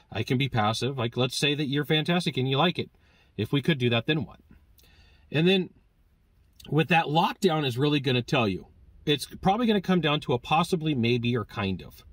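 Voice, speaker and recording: A man teaching sales negotiation in a lively, conversational way, acting out bits of dialogue with customers. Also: medium pitch, no echo. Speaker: sales trainer. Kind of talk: direct-to-camera sales coaching.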